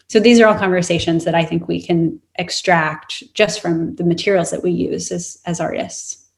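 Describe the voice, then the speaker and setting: A woman artist speaking as a panelist, thoughtful and pausing with frequent ums. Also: fairly low pitch, vocal fry, a little mellow. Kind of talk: panel discussion answer.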